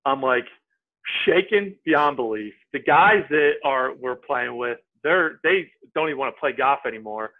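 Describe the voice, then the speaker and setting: A man tells a story as a podcast guest, casual and animated. He acts out what people said as he goes. His voice comes through a thin, phone-like line and sits at an ordinary middle pitch. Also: a little slow.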